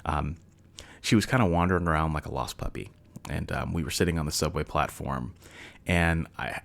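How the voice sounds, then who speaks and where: A man's voice: a bass voice, normal speed, creaky, a bit bright. A man hosting a casual solo podcast, telling loose stories with lots of fillers and restarts, chuckling now and then. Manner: rambling, loose delivery with many fillers and restarts. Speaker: podcast host.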